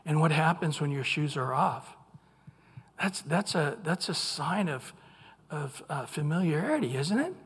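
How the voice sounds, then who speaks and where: A man teaching a sermon from scripture in a slightly husky, somewhat high voice. He talks animatedly and acts out the people he quotes. His words ring out with a long reverb, as in a large hall. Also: animated, a little slow, fairly bright tone. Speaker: preacher.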